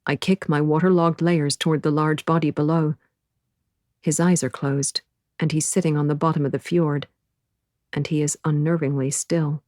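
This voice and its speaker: Woman reading a novel aloud, low voice, dry close mic, intense first-person telling. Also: little pitch movement, normal speed, a little mellow, no echo. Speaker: audiobook narrator.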